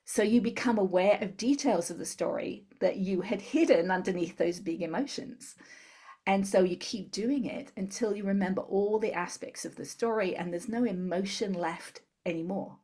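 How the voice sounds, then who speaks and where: Husky-voiced woman explaining step by step. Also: medium pitch, moderate pace. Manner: calm step-by-step instructor. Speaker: guest, tapping therapy practitioner. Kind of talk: explanatory interview talk.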